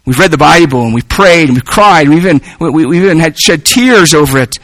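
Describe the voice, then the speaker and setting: A man's voice: fairly high pitch, expressive, brisk, fairly bright tone, no room sound, poor audio. A man preaching a sermon in an earnest way, often repeating words as he works toward a point.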